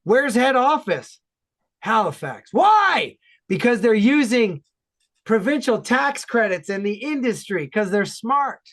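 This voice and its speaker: A podcast regular from Ontario, this man has an Ontario Canadian accent and chats casually in energetic, emphatic bursts. His voice sits high and his pace is measured.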